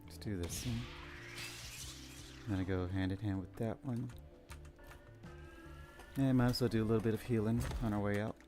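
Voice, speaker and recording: A man giving low-key game commentary, musing to himself as he plays. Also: fairly even intonation, normal speed, pauses often, music in the background. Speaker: gamer.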